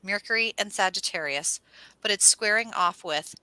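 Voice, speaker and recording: A woman hosting a casual astrology chat, telling stories in a lively way and acting out what people said. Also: mid-range voice, normal speed, smooth, no echo. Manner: animated storyteller, acts out quotes. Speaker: host.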